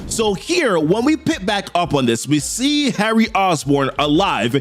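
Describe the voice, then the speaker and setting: A man casually recapping a comic book story, slangy and animated, reading out each character's lines. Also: high voice, a little slow, faint music behind.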